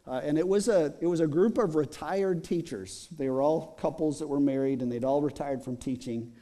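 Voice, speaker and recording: A man's voice: fairly high pitch, normal speed, mellow. A middle-aged man preaching as a pastor in a church, telling a story in a chatty way with many fillers. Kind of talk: sermon.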